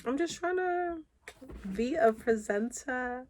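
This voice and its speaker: A woman's voice: high voice, animated, slow, darkish tone. A woman talking casually on her vlog, upbeat and encouraging, chatting freely and laughing often. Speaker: vlogger. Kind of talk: casual motivational vlog talk.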